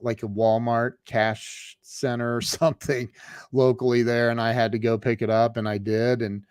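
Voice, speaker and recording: Halting American man telling a story. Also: medium pitch, flat delivery, a little mellow, clear, resonant tone, no echo, clean studio sound. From United States. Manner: halting, many restarts and fillers. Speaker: guest. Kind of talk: storytelling in an interview. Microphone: remote call.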